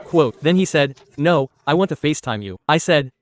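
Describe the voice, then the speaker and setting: A man's voice: a little high, animated, normal speed. A man doing stand-up comedy, telling a crude story with acted quotes.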